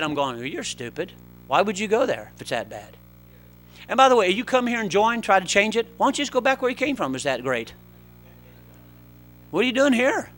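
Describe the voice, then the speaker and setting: A middle-aged man with a high voice preaches a sermon, swinging between loud, urgent exhortation and quieter, conversational asides.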